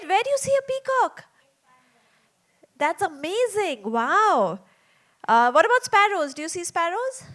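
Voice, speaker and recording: A woman's voice: extremely high pitch, fairly bright tone. A woman telling a story to young children in a small theater, chatty and asking them lots of questions.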